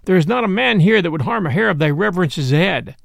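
A man voicing a jolly outlaw leader who speaks with slow, mock-solemn gravity. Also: high voice, lively intonation, vocal fry, a bit bright, no room sound, clean studio sound, full character voice. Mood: mock-grave.

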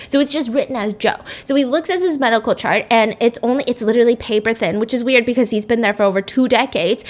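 A young woman with a slightly high voice tells a story in a loose, chatty way. She jumps into the characters' lines as she talks and keeps the telling lively and informal. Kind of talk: casual storytelling.

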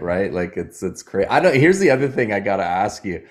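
A man with a lower voice chats as a guest comedian, acting out his own thoughts as he tells stories. His delivery is relaxed and conversational. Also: a little fast, few pauses. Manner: animated storytelling, acts out his own thoughts. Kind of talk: casual chat.

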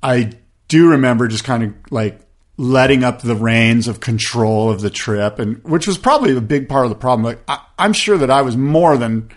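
A man in his fifties, guesting on a podcast, tells a long story in a casual storytelling interview. His medium-pitched voice is animated and moderately paced as he rambles with lots of fillers and acts out what others said.

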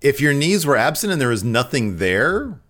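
A man's voice: mid-range voice, big pitch swings, moderate pace, a bit bright, slight background noise. A man co-hosting a casual live show, reading viewer questions aloud and laughing often. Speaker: podcast co-host reading chat questions. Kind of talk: casual chat.

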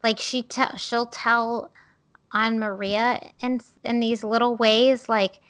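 A woman's voice: on the high side, flat delivery, slow pace, fairly bright tone. A woman in her thirties co-hosting a podcast, telling rambling, self-deprecating stories in casual chat with many fillers. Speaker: podcast co-host.

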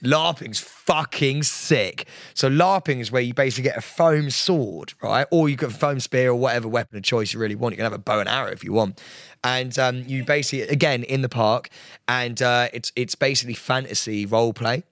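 Brief: playful podcast co-host, excitable, mid-pitched, dry studio sound. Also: male voice, fairly quick, no room sound. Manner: excitable, playful, talks in run-on explanations. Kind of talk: casual banter.

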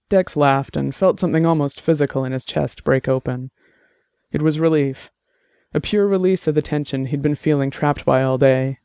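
A man narrating an audiobook with measured, even storytelling. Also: on the high side, smooth, dry recording, clean studio sound.

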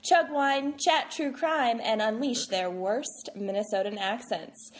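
A woman co-hosting a casual podcast with a high, bubbly voice. She talks at an unhurried pace and laughs easily. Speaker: podcast co-host. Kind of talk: casual chat.

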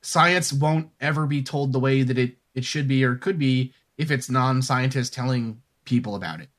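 A man's voice: mid-range voice, moderate pace. A man hosting a podcast, chatting casually and rambling, then reading an upbeat sign-off. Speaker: podcast host. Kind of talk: casual chat.

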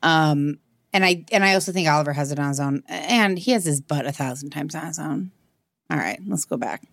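A woman co-hosts a podcast and chats casually, thinking out loud as she goes. Her voice sits fairly low. The recording is dry, with almost no room sound. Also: fairly quick, gravelly, no echo. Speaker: podcast co-host. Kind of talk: casual re-watch chat.

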